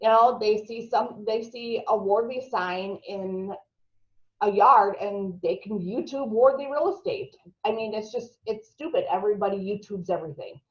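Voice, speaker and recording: A woman's voice: medium pitch, normal speed. A woman leads a marketing training in a room full of trainees. She talks in a chatty way, throws questions out to the group and sometimes trips over a word. The recording is dull and lo-fi. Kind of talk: live training talk to a group.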